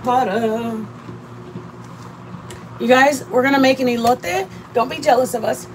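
A woman from Michigan chats casually on a live stream while cooking with her partner at their RV campsite during a rainstorm, rambling and laughing often. Her voice is high and unhurried, and the poor audio has a little hiss or hum.

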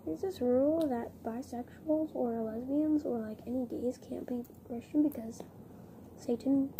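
A woman's voice: sits high, unhurried, background noise. A young woman vlogging casually, chatty and giggly, rambling and poking fun at herself. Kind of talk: casual vlog chat.

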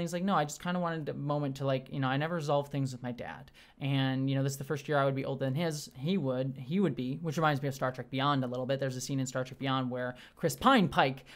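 A young adult host rattles through a casual solo review at high speed, in a mid-range voice. The talk gushes, full of fillers, restarts and quick asides. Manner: gushing, fast-talking, many restarts and fillers. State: briefly teary. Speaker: show host reviewing episodes.

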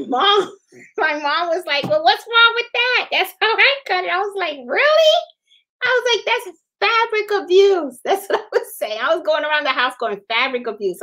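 A woman with a high voice talks casually on a live stream. She rambles and repeats phrases, greets viewers, and laughs often. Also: fairly bright tone, low-quality recording. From Puerto Rican. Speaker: livestream host.

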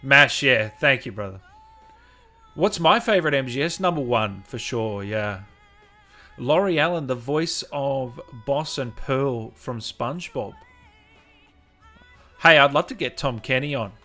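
Man, livestream host, upbeat chat, bright forceful voice, faint music behind. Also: mid-range voice, animated, measured pace. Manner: upbeat, chatty, reads out viewer names.

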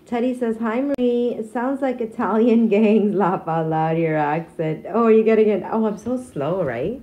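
A woman's voice: medium pitch, normal speed, hardly any pauses, noisy background. Hyper woman hosting a morning livestream. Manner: hyper, playful put-on accent. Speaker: livestream host. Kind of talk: casual livestream chat. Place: home.

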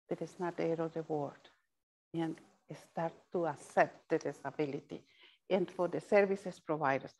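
Earnest woman speaking haltingly. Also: fairly low pitch, poor audio. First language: Spanish. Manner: earnest, halting, with frequent restarts and repeated words; mixes Spanish phrases into English. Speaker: advocate speaking to service providers. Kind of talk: panel talk.

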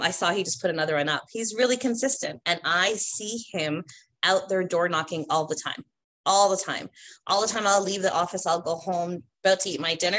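A woman with a slightly low voice coaches real estate agents. She talks in a chatty, emphatic way and keeps checking in with "right?" after her points. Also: bright, forceful tone, slight background noise. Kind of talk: instructional talk to agents.

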